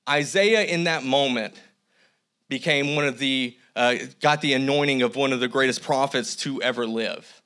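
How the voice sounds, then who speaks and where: A man's voice: mid-range voice, normal speed, bright, forceful tone. A man preaching a sermon as a church pastor, conversational with humorous asides. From United States. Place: church sanctuary.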